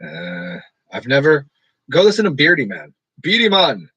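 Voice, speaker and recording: A man rambling in casual livestream chat with his viewers, describing his own delivery as monotone. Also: medium pitch, moderate pace, breathy edge, dry recording, lo-fi sound. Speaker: streamer talking to live chat.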